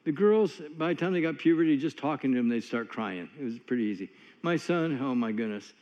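A man's voice: mid-range voice, lively intonation, a little fast, a little mellow. A man preaching a sermon in a folksy, conversational way, telling stories with many asides. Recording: long hall reverb, dull lo-fi sound.

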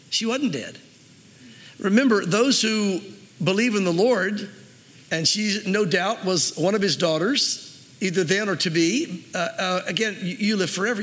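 A man's voice: high-pitched, pushed and bright, big-room sound. A man preaching a sermon as pastor, earnest and conversational, with restarts and asides, in a church.

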